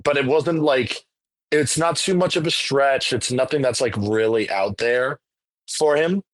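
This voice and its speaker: A podcast co-host with a medium-pitched voice talks a little slowly, sharing enthusiastic, emphatic opinions on films in casual conversation. The recording is dry.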